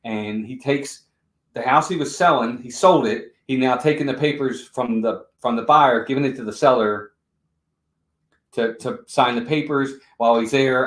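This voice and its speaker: A man's voice: mid-range voice, reverberant. A man co-hosting a live-streamed movie review, chatting and greeting viewers in the chat. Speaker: podcast co-host.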